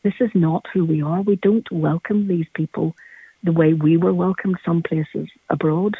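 A woman's voice: on the low side, fairly even intonation, normal speed, breathy edge, dry recording. A Northern Irish woman calling in to a radio show, speaking passionately and with emphasis. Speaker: caller. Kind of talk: radio phone-in call. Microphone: phone. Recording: tinny phone line.

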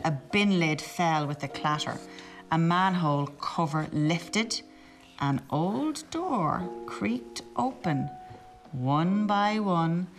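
Slow, expressive woman reading a storybook. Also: on the low side. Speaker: storybook reader. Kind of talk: reading a picture book aloud.

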